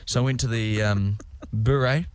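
A man's voice: mid-range voice, measured pace, smooth. A man co-hosting a radio show, teasing and telling stories in casual banter. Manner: cheeky, teasing, animated storyteller.

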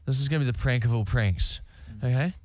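A man's voice: medium pitch, quick pace, darkish tone, dry recording. A man hosting a radio show in casual, jokey banter full of puns. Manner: jokey, punning. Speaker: radio host.

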